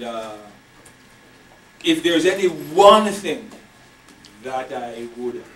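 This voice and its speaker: Older male professor, measured emphatic delivery, distant mic in an echoey lecture hall with faint noise. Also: medium pitch. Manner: measured, emphatic, repeats key phrases. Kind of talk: university lecture.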